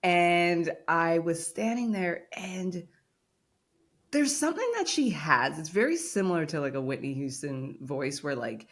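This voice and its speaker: Woman podcast co-host, lowish voice, animated storyteller. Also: a little slow. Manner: animated storytelling, acts out quotes. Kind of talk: casual chat.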